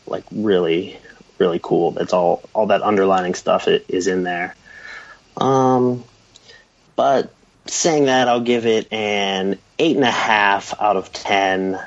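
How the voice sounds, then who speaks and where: A man's voice: deep voice, vocal fry, muffled recording. A man in a casual podcast chat who stumbles over his words and laughs at his own jokes.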